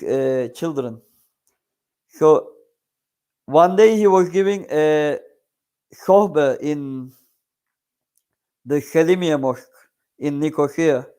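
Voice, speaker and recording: A man, the shaykh's grandson, telling a religious life story in an earnest, halting way with many fillers. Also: a little high, a little mellow, clear, resonant tone. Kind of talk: casual spoken storytelling.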